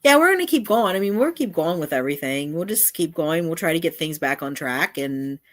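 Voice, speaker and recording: A woman's voice: low voice, animated, fairly quick. A woman hosting a casual live stream, chatting in a meandering way and often breaking off to circle back mid-thought. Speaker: channel host.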